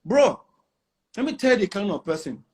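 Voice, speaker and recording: His high voice swings widely in pitch, a little mellow with a breathy edge, at a moderate pace. The speaker, a middle-aged Nigerian man with a Nigerian accent, chats casually as an interview guest, bragging emphatically and slipping into pidgin.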